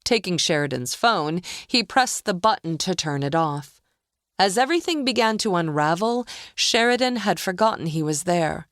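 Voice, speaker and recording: A woman narrating a psychological thriller audiobook in a measured, deliberate way. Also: fairly low pitch, expressive, fairly bright tone, no room sound, studio quality.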